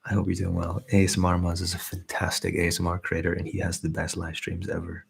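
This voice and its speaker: Deep gravelly man, soft Scottish lilt. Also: completely flat delivery. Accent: softened Scottish. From Scotland. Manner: earnest, grateful, reading out chat comments between pauses. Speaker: ASMR creator hosting a live stream. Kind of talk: soft-spoken live stream chat.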